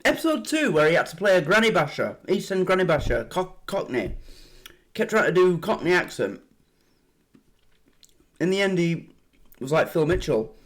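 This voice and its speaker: An excitable man hosting a reaction video, rambling and swearing. His voice sits high and moves in lively swings. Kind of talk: casual reaction commentary.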